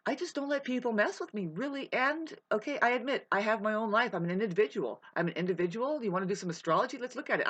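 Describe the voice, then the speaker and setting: A young woman talks to the camera about astrology in a long, wandering monologue. She drifts between low, murmured asides and sudden loud, swearing outbursts, restarting her sentences as she goes. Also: slightly rough. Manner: rambling, swinging from quiet musing to shouting, profane. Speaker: vlogger.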